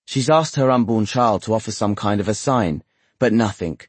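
A man narrating a literary novel in a measured, steady, wry manner. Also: lowish voice, slightly rough, no echo. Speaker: audiobook narrator.

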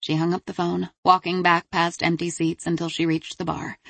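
A woman narrating a crime thriller audiobook in an even, measured reading. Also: lowish voice, vocal fry, no room sound.

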